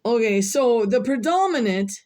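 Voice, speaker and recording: A woman's voice: fairly high pitch, lively intonation, normal speed, mellow, slight background noise. A woman vlogger rambling through casual commentary, repeating herself and muttering asides as she goes.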